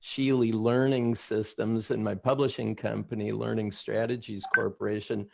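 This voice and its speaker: A man's voice: fairly low pitch, level tone, moderate pace, gravelly. A middle-aged man, a talk show guest, speaking earnestly about a mission. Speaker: guest, education company founder.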